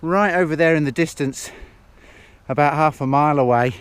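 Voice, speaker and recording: A man's voice: a little high, moderate pace, clean tone. Breathless English man vlogging on a hill. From England. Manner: chatty, self-mocking, laughs often. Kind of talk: casual outdoor vlog chat. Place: hillside outdoors. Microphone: handheld camera.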